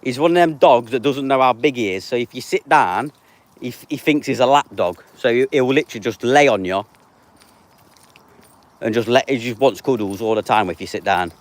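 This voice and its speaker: A man's voice: mid-range voice, brisk, no echo. Male streamer, 30s, casual and chatty, answers chat directly. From England. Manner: reads out viewer names and answers them offhand. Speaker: live streamer.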